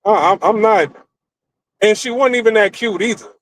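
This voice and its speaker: A middle-aged American man hosting a stream, telling stories in a blunt, profane, animated way. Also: sits high, normal speed, dry recording, low-quality recording. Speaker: streamer host. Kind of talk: casual storytelling rant.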